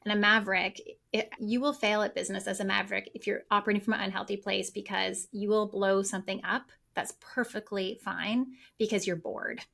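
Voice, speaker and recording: A woman business coach talking excitedly and at length in a casual podcast conversation. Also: mid-range voice, a little fast, vocal fry, few pauses.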